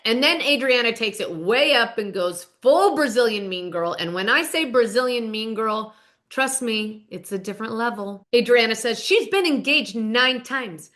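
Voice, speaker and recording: Bright-voiced chatty woman host. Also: on the high side, animated, moderate pace. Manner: chatty, emphatic, gossipy retelling. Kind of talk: casual recap commentary.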